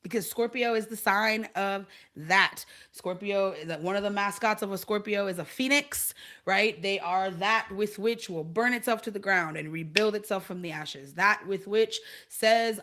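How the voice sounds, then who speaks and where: A woman's voice: mid-range voice, moderate pace, sharp tone. A woman hosting a casual channeled livestream about moon cycles and leadership, who laughs often and reads out viewer comments as she talks. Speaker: host.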